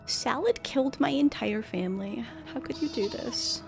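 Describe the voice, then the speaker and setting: A woman's voice: on the high side, lively intonation, moderate pace, creaky, faint music behind, pitched above the performer's own voice. A woman voicing a distraught, homesick alien customer in a video game who wails and sobs. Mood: accusing. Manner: wailing, tearful.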